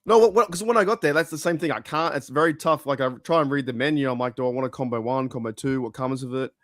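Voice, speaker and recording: A man's voice: mid-range voice, quick pace, no room sound. Man, Australian accent, casual podcast chat, storytelling, swearing, dry sound. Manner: swearing, anecdotal, lively storytelling. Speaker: podcast guest.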